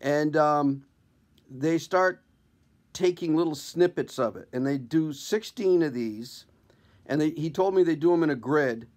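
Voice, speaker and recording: A man's voice: a little high, unhurried, darkish tone. A male comedian telling a wry, self-deprecating personal story in a conversational way. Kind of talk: comic personal storytelling to camera.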